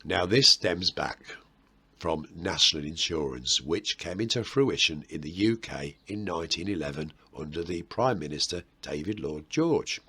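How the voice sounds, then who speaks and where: A low, husky-voiced man with a Birmingham accent talks to camera about history. His delivery is chatty and meandering, and he drops in playful asides as he explains things. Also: animated, normal speed, bright, forceful tone. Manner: chatty and rambling, with self-mocking asides. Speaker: history video host.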